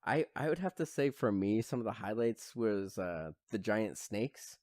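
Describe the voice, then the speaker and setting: A man's voice: lowish voice, animated, unhurried, darkish tone, dry recording. Podcast co-host, male, casual rambling plot recap with mock voices for characters, close dry mic. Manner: rambling storyteller, acts out characters' lines. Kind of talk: casual movie recap chat.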